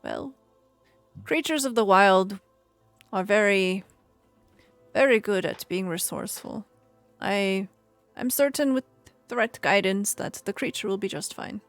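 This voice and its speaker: A woman voicing a calm, patient male caretaker of a young creature, speaking formally and without contractions. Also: mid-range voice, measured pace, pauses often, dry recording, soft background music, natural voice. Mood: gentle.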